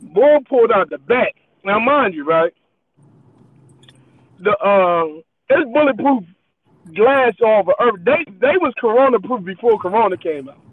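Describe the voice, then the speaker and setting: A man's voice: high-pitched, animated, measured pace, husky. A man co-hosting a podcast, telling a rambling story in casual chat and laughing often. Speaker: podcast co-host. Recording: tinny phone-like line.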